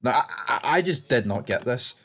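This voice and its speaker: A man's voice: medium pitch, expressive, brisk, vocal fry, a bit bright. A man casually recapping TV episodes, blunt and rambling, swearing freely and restarting sentences. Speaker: TV show reviewer.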